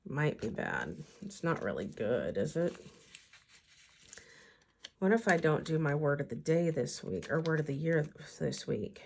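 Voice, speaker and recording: A woman's voice: sits low, sing-song, unhurried, creaky, a little hiss or hum. A woman vlogger and teacher chatting casually to herself as she decorates her weekly planner.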